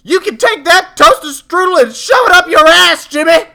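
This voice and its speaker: A man putting on the voice of a fed-up mother who snaps loudly at her kid. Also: very high voice, expressive, normal speed, creaky, pitched above the performer's own voice, heavily acted. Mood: yelling. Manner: loud, yelling, harsh.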